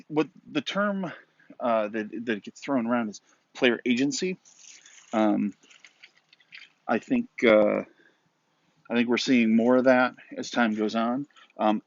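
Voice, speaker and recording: A man's voice: medium pitch, no echo, dull audio. A man, a fellow podcaster, leaving a hesitant voicemail full of ums and restarts. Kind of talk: casual voicemail call-in.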